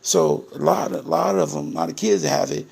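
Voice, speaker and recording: Gravelly-voiced man addressing viewers directly. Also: a little high, fairly quick, darkish tone. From Ohio, USA. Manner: emphatic and repetitive, addresses viewers as "people". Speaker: parent telling his story to viewers. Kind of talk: casual direct-to-camera monologue.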